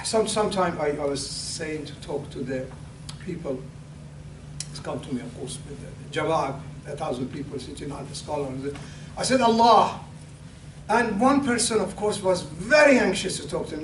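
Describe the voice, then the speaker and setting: A man's voice: a little high, expressive. Older man preaching in an echoey hall. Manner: halting, repeats words and restarts, rises for emphasis. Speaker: imam. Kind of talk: pre-sermon talk. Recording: echoey hall, distant mic, faint hum.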